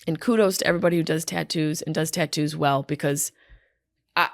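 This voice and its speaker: Animated, profane woman telling stories. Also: low voice, a little fast, dry recording, clean studio sound. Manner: animated, profane, self-deprecating. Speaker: podcast guest, comedian. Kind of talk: casual storytelling monologue. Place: hotel room.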